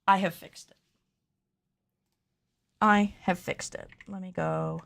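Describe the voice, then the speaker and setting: Casually chatting on her livestream as she films, this cosplay pattern maker is nervous on camera and thinks aloud with self-deprecating remarks. Her voice sits on the low side, a bit bright, with wildly swooping pitch, and she takes her time.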